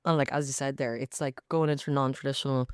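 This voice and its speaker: A young Irish woman hosting a podcast, talking in a chatty, animated way with lots of quick asides. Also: extremely low pitch, smooth, dry recording, studio quality. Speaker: podcast host. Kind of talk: casual chat.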